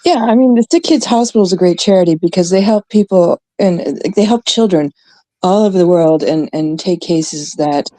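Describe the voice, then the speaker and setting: A woman's voice: fairly low pitch, normal speed, no room sound. Blunt, swearing Canadian woman. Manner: blunt, swearing, animated rants. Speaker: livestream host. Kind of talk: casual livestream chat.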